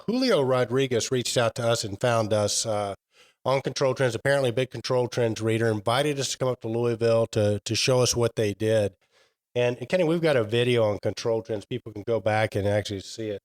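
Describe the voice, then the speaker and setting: A medium-pitched man co-hosts a trade podcast, chatting casually and telling stories in a rambling way full of fillers. The recording quality is low.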